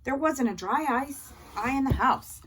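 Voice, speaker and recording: A woman's voice: sits high, animated, moderate pace, a bit bright, a little hiss or hum, voice pushed up, low-quality recording. A woman reading the part of a friendly teenage boy actor. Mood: cheerful.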